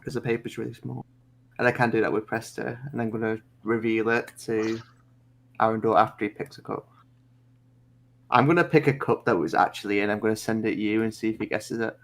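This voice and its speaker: A man's voice: fairly low pitch, fairly even intonation, fairly quick, creaky. A man playing in a casual tabletop game, laying out his character's moves step by step. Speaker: player.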